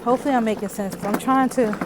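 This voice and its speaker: A woman's voice: on the high side, fairly even intonation, quick pace, noisy background. A woman vlogger talking casually and earnestly to camera, out of breath, calling the viewer sis and girl. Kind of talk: casual faith talk to camera.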